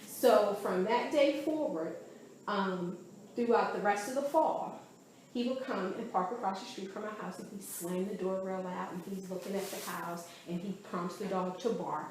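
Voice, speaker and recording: A mid-range female voice at a moderate pace, with slight background noise, a very echoey room and faint ambience. In a conversational interview, she tells her story in an animated way and often acts out other people's words.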